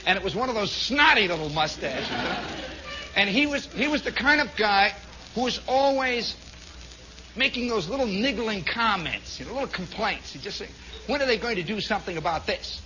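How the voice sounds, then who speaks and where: A man's voice: sits high, sing-song, normal speed, pushed and bright, a little hiss or hum. A man from Indiana telling a long, rambling story on his radio show, full of asides. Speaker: radio host. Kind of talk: storytelling monologue. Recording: dull lo-fi 1960s radio broadcast.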